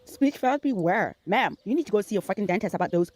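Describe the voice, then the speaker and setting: A woman's voice: mid-range voice, animated, fast talker, darkish tone. A woman from outside the United States, scolding another streamer sarcastically and profanely in a call-out video.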